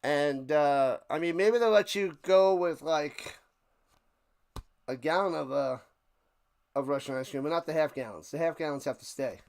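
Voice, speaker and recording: A man's voice: a little high, normal speed, a little mellow. A man hosting a live stream, calling American football play by play with joking, rambling asides. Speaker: play-by-play commentator and stream host. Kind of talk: casual live sports commentary.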